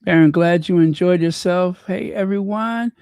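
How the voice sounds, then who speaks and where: A man's voice: high voice, moderate pace, creaky, a little mellow, clear, resonant tone. A man hosting a casual livestream, chatting in a rambling way with many fillers and restarts, close to the mic. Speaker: channel host.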